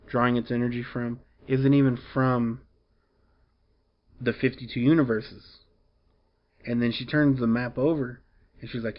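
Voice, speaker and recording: A man's voice: mid-range voice, highs cut off. A man casually recapping a comic book story, rambling along with lots of fillers and restarts.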